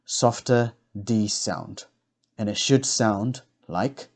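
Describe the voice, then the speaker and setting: Slow, deliberate New male teacher. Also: lowish voice, darkish tone. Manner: slow, deliberate, carefully enunciated drilling. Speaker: language teacher. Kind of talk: pronunciation lesson.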